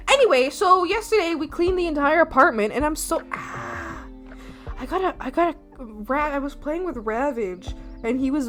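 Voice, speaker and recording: Giggly, rambling young woman streamer. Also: fairly high pitch. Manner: rambling, giggly, crude and playful, many fillers. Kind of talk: casual live-stream chat. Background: soft background music.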